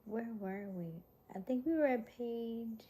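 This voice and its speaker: A sleepy young woman host chatting with her viewers on a livestream, mostly in a soft whisper. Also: on the high side, unhurried. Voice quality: whispered voice to preserve it. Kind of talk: casual live chat.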